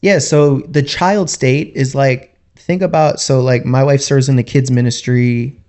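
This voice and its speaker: A man talking as a podcast guest in a casual, rambling way, full of "like" and "you know", and quick to laugh. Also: medium pitch, fairly even intonation, darkish tone. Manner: laughs easily while telling stories.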